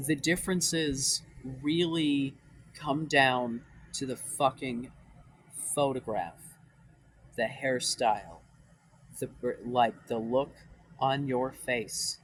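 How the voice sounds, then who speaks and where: Speaking slowly with frequent pauses, a young dating advice vlogger in a casual vlog rants in a mid-range, fairly bright voice that cracks after crying. Exasperated and profane, he rambles, using many fillers and starting his sentences over. The audio is poor.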